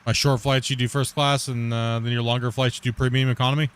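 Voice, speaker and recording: A man's voice: mid-range voice, flat delivery, fast talker, clean tone. A man chatting casually while streaming a game, rambling, repeating himself and laughing easily. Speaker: gaming streamer. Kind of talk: casual chat while playing.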